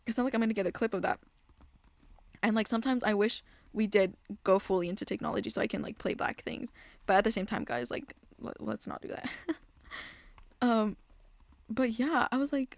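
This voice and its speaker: A woman's voice: on the high side, fairly quick, no room sound. Rambling young woman, dry close mic. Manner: rambling, self-interrupting, trailing off into mutters. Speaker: gaming vlogger. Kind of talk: casual storytelling while playing a game.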